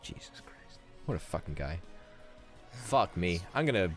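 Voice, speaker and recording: A man co-hosting a let's play, chatting casually while gaming, animated, laughing easily and swearing freely. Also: sits low, moderate pace, over music.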